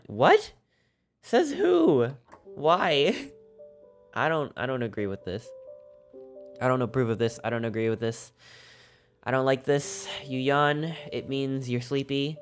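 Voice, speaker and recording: Male game streamer, drowsy and a bit congested, rambling and silly, mid-pitched, with music playing under him. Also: fairly even intonation, normal speed. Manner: rambling, goofy, chats with viewers. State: sleepy and a little sniffly. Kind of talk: casual live-stream chat. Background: background music.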